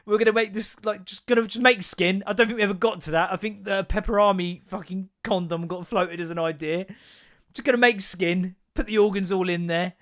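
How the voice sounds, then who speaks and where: A young man with a fairly high voice hosts a solo podcast in a loose, rambling way. He swears constantly, laughs at his own stories and hops from one rant to the next. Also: fairly even intonation, fairly quick, fairly bright tone. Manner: sweary, chatty, laughs often, jumps between rants. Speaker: podcast host.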